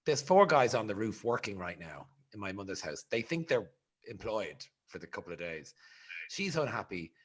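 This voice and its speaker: A man, hosting a podcast and telling a rambling, animated story in casual chat. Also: lowish voice, moderate pace, husky. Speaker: podcast host.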